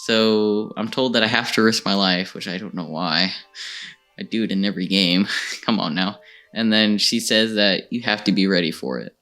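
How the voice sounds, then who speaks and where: Gaming host recapping a playthrough, lowish male voice, loose rambling delivery full of laughs. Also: normal speed, soft background music. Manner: rambling, animated storytelling with frequent laughs. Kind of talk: casual gameplay recap.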